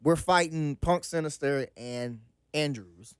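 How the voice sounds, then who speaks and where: A man guest telling a story in casual chat, excitable and quick to exclaim. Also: a little high, clean tone, no room sound, clean studio sound. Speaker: guest wrestler.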